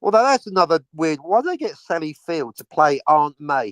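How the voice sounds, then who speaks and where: A man's voice: a little high, big pitch swings, brisk, few pauses, a bit bright, dry recording. A man co-hosting a casual podcast, ranting sarcastically and swearing freely. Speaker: podcast co-host. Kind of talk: casual crude banter.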